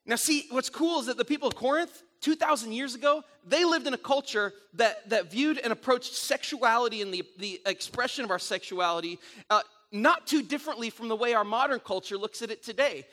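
A middle-aged man preaching a sermon, telling stories in an animated way with frequent restarts. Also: extremely high pitch, brisk. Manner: animated storytelling with repeated restarts. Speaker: pastor.

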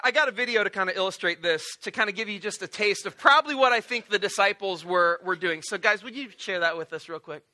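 Guy preaching, super bright high voice, loose and chatty. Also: quick pace, hardly any pauses. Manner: casual, animated storytelling with playful asides. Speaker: pastor. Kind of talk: sermon.

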